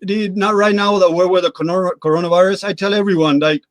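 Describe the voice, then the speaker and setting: A man's voice: high-pitched, steady tone, fast, no room sound. A middle-aged man, a guest coach in a casual interview, explaining his views earnestly with everyday examples.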